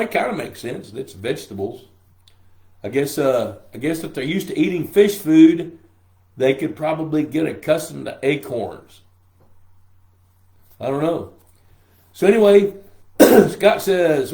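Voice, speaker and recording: Scratchy from a throat infection, an older man's voice runs on the high side with vocal fry and a slightly mellow quality. He hosts a pond management show's casual live-stream Q&A, joking in a folksy style and greeting viewers by name. The recording has a roomy echo.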